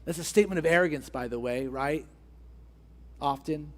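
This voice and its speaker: A man's voice: on the high side, normal speed. A man preaching a sermon as pastor, driving his point home with repeated rhetorical questions and building emphasis.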